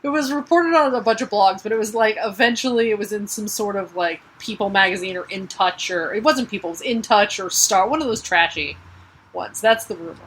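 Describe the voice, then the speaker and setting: A woman co-hosting a podcast in casual comedic chat, sarcastic and quick with jokes, laughing often. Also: mid-range voice, fairly bright tone, husky, rough recording. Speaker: podcast co-host.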